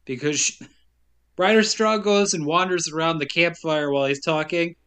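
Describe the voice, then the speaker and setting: A man's voice: a little high, moderate pace, a bit bright, smooth. A man co-hosting a podcast, recapping a movie plot in casual chat with a wry, laughing delivery.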